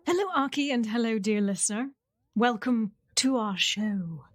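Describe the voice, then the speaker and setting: A woman's voice: on the high side, moderate pace, faint music behind. A woman co-hosting a podcast in casual, teasing banter, laughing easily. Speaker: podcast co-host. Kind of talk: casual chat.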